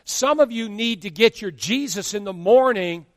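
A man in his fifties, a pastor preaching an animated sermon and acting out quotes from his congregation. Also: high-pitched, normal speed, no echo, clean studio sound, big-room sound. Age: 50s.

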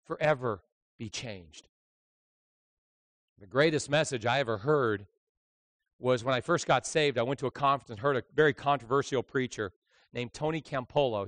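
A male preacher with a high, bright voice, telling a story from the pulpit. He rises from soft, low passages into fervent shouted refrains. The sound is close and dry, with no room echo. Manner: storytelling, building to shouted crescendos. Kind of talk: sermon.

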